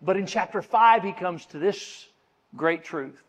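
A man preaching a sermon in earnest, slowing down and dropping to a near hush on key phrases. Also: high-pitched, big-room sound. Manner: earnest preaching, slows and drops to a hush for emphasis. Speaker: pastor.

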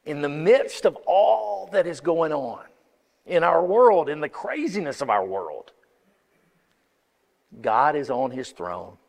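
A pastor preaching an impassioned sermon, building to emphatic peaks and often restarting phrases. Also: male voice, on the high side, sing-song, slow pace, vocal fry, pauses often, darkish tone. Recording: long reverb of a large hall.

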